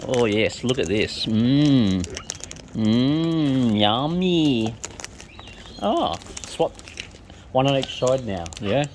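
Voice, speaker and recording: Woman, low-pitched, slow sing-song coaxing of birds, noisy outdoor recording. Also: animated, a little mellow. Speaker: bird feeder vlogger. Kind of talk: casual talk to wild birds. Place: outdoors among wild birds. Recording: outdoor noise with bird sounds.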